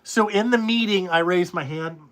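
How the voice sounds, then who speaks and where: A man's voice: high-pitched, normal speed, a bit bright. A man who runs a trucking business, talking in a blunt, rambling way and swearing freely in casual podcast conversation. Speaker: trucking company owner.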